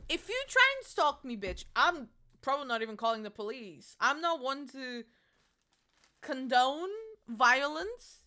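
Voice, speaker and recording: A bright-voiced young woman chats playfully with her stream chat, swearing casually as she talks. Her voice sits high and sounds smooth and clean. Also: big pitch swings, unhurried.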